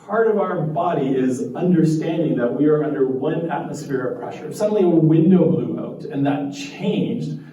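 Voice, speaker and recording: A man giving an animated live talk to a group, laughing often and acting out quotes. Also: on the high side, normal speed, hardly any pauses, muffled recording. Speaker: meetup speaker. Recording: echoey room from far off, faint noise.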